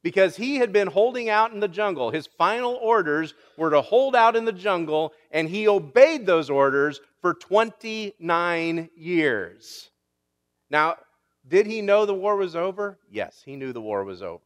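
A man's voice: high voice, lively intonation, a little slow, long reverb tail. A male pastor preaching a sermon, driving his points home with repetition and rising emphasis.

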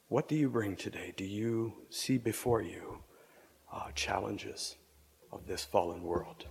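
A man preaching a meditative reflection at a vigil, speaking in a measured, contemplative way and sometimes dropping to a whisper. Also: lowish voice, creaky, long reverb tail, a little hiss or hum. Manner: measured, contemplative, drops to whispers for inner thoughts. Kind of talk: slow meditative sermon.

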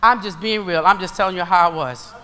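A woman preacher giving a sermon in an animated storytelling way, acting out dialogue. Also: on the low side, fairly quick. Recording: long reverb of a hall.

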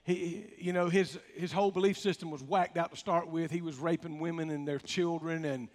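A man's voice: a little high, steady tone, normal speed, darkish tone. Man, pastor, folksy emphatic sermon, call-outs to the congregation, echoing church hall. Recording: long reverb of a large hall.

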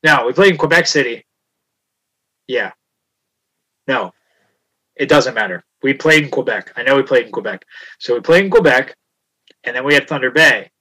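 A man talking in casual podcast chat, laid-back and profane, with his voice dropping into low mutters as he tells his story. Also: lively intonation, normal speed, pauses often, bright, forceful tone, slightly rough, rough recording. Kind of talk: casual conversation.

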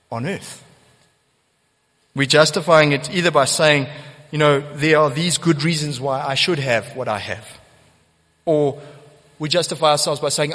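A man's voice: a little high, a bit bright. A man preaching a sermon as pastor, earnest and emphatic, repeating key phrases for weight. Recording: long church hall reverb.

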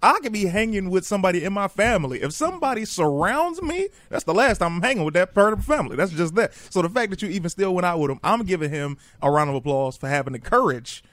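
A man's voice: sits high, expressive, quick pace, hardly any pauses, fairly bright tone, dry recording. A man hosting a talk show, bantering and joking casually with his guests. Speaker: host.

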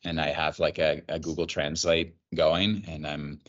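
Deep-voiced guy in his 40s, guest on a podcast, laid back and measured, audio a bit muffled. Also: little pitch movement. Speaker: marketing executive guest. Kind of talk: podcast interview over a video call.

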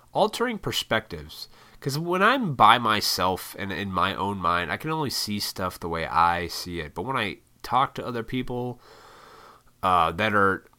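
A man's voice: on the low side, bright, forceful tone. A man from Illinois hosting a casual solo podcast, talking in a laid-back, rambling way with lots of swearing. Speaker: podcast host.

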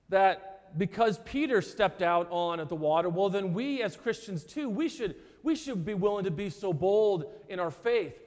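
A man preaching a sermon as pastor, earnest and emphatic, often repeating words and pausing for effect. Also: sits high. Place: church sanctuary. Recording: church hall with long reverb.

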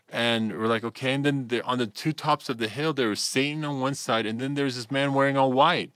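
A man's voice: medium pitch, fairly quick, few pauses, clean tone, dry recording. A man who ministers in Iran, a radio interview guest, telling stories and acting out dialogue with many fillers. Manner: animated storyteller, acts out quoted dialogue, many fillers.

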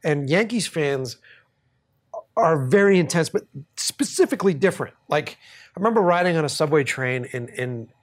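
A man's voice: on the high side, normal speed. A man hosting a podcast, telling a story in a casual, profane way and often laughing. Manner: animated, profane, laughs while telling stories. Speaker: podcast host.

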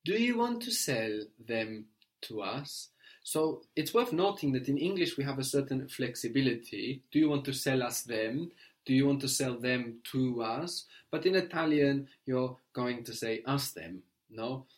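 A man's voice: mid-range voice, expressive, unhurried. A man teaching a language lesson, patiently prompting and correcting a learner.

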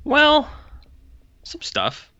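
A man's voice: very high voice, wildly swooping pitch, very slow, sharp tone. A man co-hosting a podcast in casual chat, rambling, joking and swearing freely. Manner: rambling, jokey and profane. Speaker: podcast co-host. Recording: dull lo-fi sound.

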